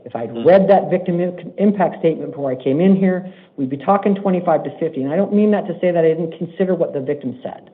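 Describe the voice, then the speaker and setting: A male judge with a higher-pitched voice speaks in a stern, deliberate, formal courtroom style. The audio is narrow and tinny, like a phone line.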